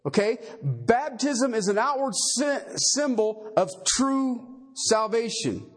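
A man's voice: very high voice, very animated, slow, slightly rough. A man preaching a sermon, emphatic, quizzing his listeners with rhetorical questions and tagging points with "okay" and "all right.". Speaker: pastor.

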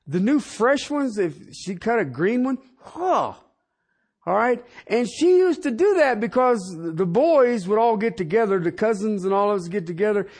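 A pastor with a high voice preaches a sermon in a folksy, colloquial style. He fires off rhetorical questions and swings between loud peaks and hushed asides.

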